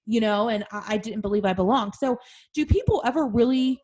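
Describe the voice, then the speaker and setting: A woman with a slightly high voice talks through her own past in a relaxed, candid way. She turns each memory over out loud as if confiding in a friend, honest and self-reflective. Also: fairly quick, highs cut off. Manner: open, self-reflective storytelling. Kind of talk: candid conversational chat.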